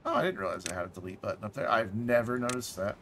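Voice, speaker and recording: A man's voice: lowish voice, quick pace, fairly bright tone, a little hiss or hum. A man casually commenting while playing a game on a live stream, thinking aloud, correcting himself and dropping jokey asides.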